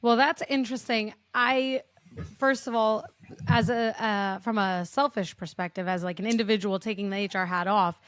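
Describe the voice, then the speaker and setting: A woman's voice: mid-range voice, fairly even intonation, normal speed, dry recording. A woman hosting a podcast, talking from a human resources view in a thoughtful way with fillers and hedges. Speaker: podcast host, HR leader. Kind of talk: conversational podcast talk.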